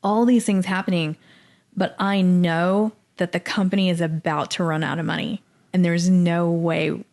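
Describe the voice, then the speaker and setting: A woman's voice: fairly low pitch, normal speed, creaky. Middle-aged woman telling her story animatedly. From Dallas, Texas. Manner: animated, acts out quoted voices. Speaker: podcast guest. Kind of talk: casual storytelling interview.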